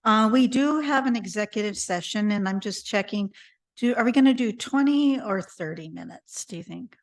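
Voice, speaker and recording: A woman chairing a city council meeting, hoarse and losing her voice, reading out procedure with deliberate care. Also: mid-range voice, animated, distant mic. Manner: deliberate, reads out legal citations.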